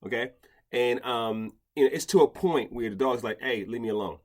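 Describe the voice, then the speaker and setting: A man's voice: mid-range voice, moderate pace, darkish tone. A man hosting a casual podcast chat, talking in rambling bursts with many restarts and stammers. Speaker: podcast host, dog behavior expert.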